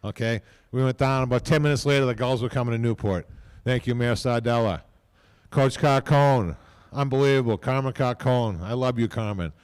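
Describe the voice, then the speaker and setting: A man's voice: medium pitch, normal speed, clean tone. Older New man, casual rambling speaker, fond and folksy at a ceremony podium. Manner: rambling, folksy, repeats "okay?" and phrases. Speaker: team owner speaking at a hall of fame ceremony. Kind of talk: casual off-the-cuff speech.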